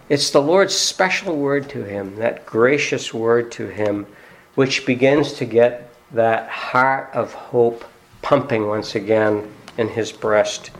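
A man preaching a sermon in a conversational way. He puts rhetorical questions to his congregation and often fills pauses with "uh.". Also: mid-range voice, a little hiss or hum. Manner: frequent "uh" fillers. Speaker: pastor.

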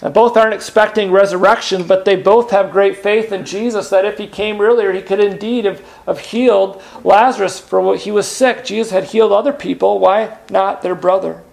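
Gravelly higher-voiced male preacher. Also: steady tone, moderate pace, hardly any pauses. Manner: earnest, with frequent "uh" and rhetorical questions. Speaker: pastor. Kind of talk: sermon.

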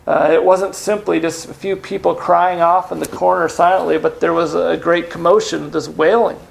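A man preaching a sermon in an earnest, unhurried way, pausing with "uh" and asking rhetorical questions. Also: fairly high pitch, fairly even intonation, vocal fry. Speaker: pastor.

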